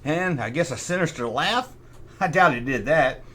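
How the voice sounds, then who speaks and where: A middle-aged man with a rather high, bright voice hosts a jokey toy review. He swoops up and down constantly, tosses off sarcastic asides and mimics sound effects himself. The tone is playful. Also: lively intonation, normal speed. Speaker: toy collector host.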